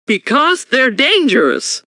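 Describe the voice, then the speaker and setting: A synthetic voice doing an exasperated cartoon pet owner, scolding in a very lively, swooping voice. The voice is bright and slow, recorded dry and close. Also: high voice, no echo, exaggerated voice.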